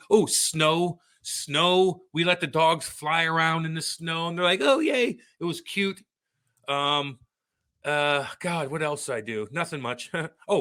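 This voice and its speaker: A man's voice: on the high side, bright, forceful tone. A man co-hosting a podcast, ranting and swearing in a worked-up casual chat. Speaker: podcast co-host.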